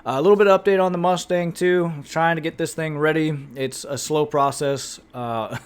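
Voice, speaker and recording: A man's voice: on the high side, steady tone, moderate pace, smooth. A man with an American accent, talking casually to camera as a YouTuber, rambling and chatty with many fillers. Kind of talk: casual vlog talk to camera.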